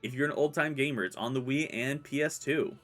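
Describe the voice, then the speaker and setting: A man's voice: medium pitch, a little fast, a bit bright, faint music behind. A man hosting a casual gameplay video, chatting loosely as he plays. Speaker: gaming channel host. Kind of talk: casual Let's Play commentary.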